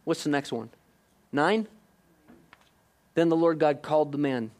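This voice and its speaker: A man preaching a sermon, questioning his listeners directly and moving between hushed and emphatic delivery. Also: on the high side, a little slow. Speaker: pastor.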